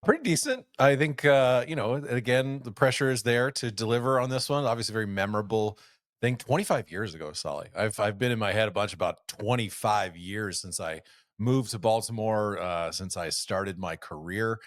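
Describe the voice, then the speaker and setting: Low-voiced man in his forties telling stories. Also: moderate pace, dry recording, clean studio sound. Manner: relaxed storytelling with many fillers. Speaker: podcast co-host. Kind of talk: casual chat.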